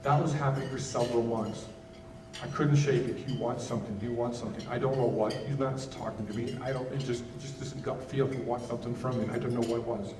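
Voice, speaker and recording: A man giving a candid personal testimony as a keynote speaker at a gala, halting often and restarting his sentences. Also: mid-range voice, steady tone, echoey room, far from the mic, background noise. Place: gala event hall.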